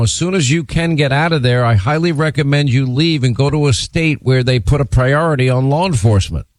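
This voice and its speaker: A man hosting a talk radio show, speaking forcefully and with indignation into a studio microphone. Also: mid-range voice, no room sound. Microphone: studio mic.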